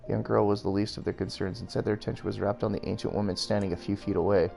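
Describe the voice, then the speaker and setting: A man narrates a novel at an easy reading pace, his voice low and gravelly. Now and then he drops in a dry comment of his own. Soft music hums faintly in the background. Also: little pitch movement, racing. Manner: plain narration broken by wry comments. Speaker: streamer. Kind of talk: reading a novel aloud with casual asides.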